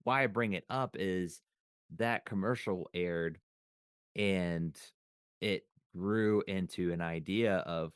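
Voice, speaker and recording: A man's voice: sits low, slow, clean tone, no room sound, studio quality. A man co-hosting a podcast, chatting casually and recalling old memories aloud with restarts and trailing thoughts. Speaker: podcast co-host. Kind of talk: casual chat.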